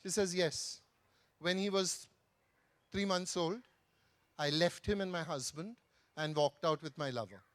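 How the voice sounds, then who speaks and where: A man telling an anecdote on a festival stage, with lively asides in Hindi. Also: a little high, unhurried, long pauses, dry recording. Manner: animated anecdotal storytelling, mixing in Hindi phrases. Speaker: author on a festival panel. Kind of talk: storytelling talk on stage.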